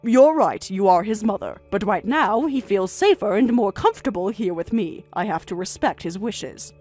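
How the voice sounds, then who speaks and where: A woman voicing a calm, firm older grandmother in a narrated story, speaking in a measured, steady way over faint music. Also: medium pitch, lightly acted.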